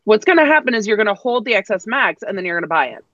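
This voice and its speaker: A woman's voice: mid-range voice, big pitch swings, rapid-fire, a bit bright, dry recording, muffled recording. A woman co-hosting a tech live stream, chatting casually and enthusiastically, teasing the others. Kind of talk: casual chat.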